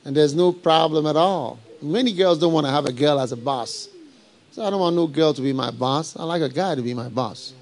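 A middle-aged man preaching a live sermon, animated and laughing, firing rhetorical questions at his congregation. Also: fairly high pitch, brisk. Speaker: pastor.

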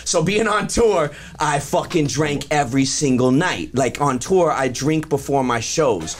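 A man's voice: fairly high pitch, animated, a little slow, a little hiss or hum. A man telling a wild personal story in casual, profane talk, often laughing. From Los Angeles area. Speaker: guest performer.

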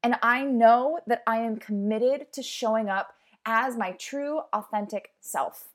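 A woman's voice: a little high, measured pace. A woman in her thirties hosting her own podcast, talking candidly and emotionally in a casual, chatty way full of "like"s. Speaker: podcast host. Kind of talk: casual personal podcast monologue.

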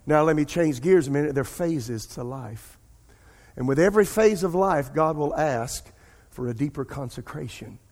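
Man, middle-aged pastor, sermon, asks the congregation questions, raised pitch, long hall echo. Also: animated, moderate pace, darkish tone. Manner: preaching with call-and-response asides to the congregation. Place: church sanctuary.

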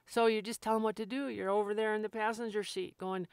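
A woman's voice: medium pitch, clean tone, no echo, clean studio sound. A woman hosting a dog training podcast, talking frankly and casually, acting out nagging asides. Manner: frank, animated, acts out nagging with quick asides. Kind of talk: casual instructional talk.

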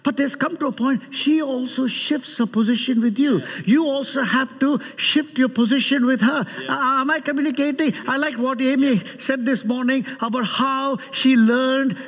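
A man's voice: very high-pitched, normal speed, few pauses. A middle-aged man from India preaching a sermon in a church, joking with the congregation and acting out voices. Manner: animated, joking with the congregation, acts out quoted voices. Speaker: guest preacher. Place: church sanctuary. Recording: preached in a large reverberant hall.

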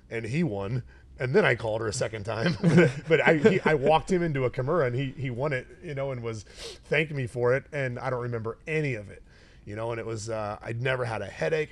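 A middle-aged man, a retired fighter hosting a casual interview, telling stories with animation and acting out what people said. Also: mid-range voice. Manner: animated storyteller, acts out quoted voices.

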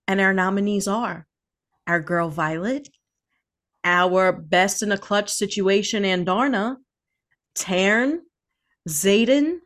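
Very slow-talking cheerful woman co-host. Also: medium pitch, a bit bright. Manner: giggly, cheerful award announcing. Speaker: podcast co-host. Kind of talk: casual chat.

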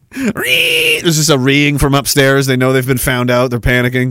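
Mocking, animated male podcast host. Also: mid-range voice, a little slow, no room sound, clean studio sound. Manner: mocking, sarcastic, laughs at own riffs, drops to mutters. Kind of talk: livestream rant reading chat comments.

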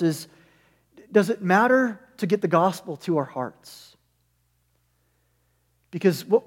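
A man's voice: high-pitched, a little mellow, long reverb tail. A man preaching a sermon in a church, earnest and building his points through repeated parallel phrases. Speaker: pastor.

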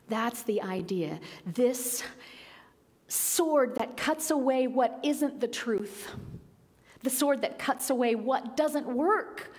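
A woman preacher giving a gentle, reflective sermon with emphatic repetition. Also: fairly high pitch. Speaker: pastor. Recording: long reverb of a large hall.

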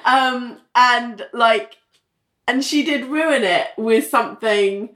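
A woman's voice: fairly high pitch, slow pace, fairly bright tone. Chatty woman talking about a tv show, laughs a lot, roomy echo. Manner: chatty, frequent "like" fillers, laughs easily. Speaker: podcast co-host. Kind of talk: casual chat. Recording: echoey room.

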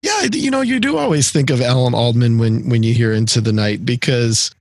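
A man's voice: mid-range voice, animated, a little fast, slightly rough. A middle-aged man from the area co-hosting a casual music podcast, rambling with lots of fillers and restarts. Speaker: podcast co-host.

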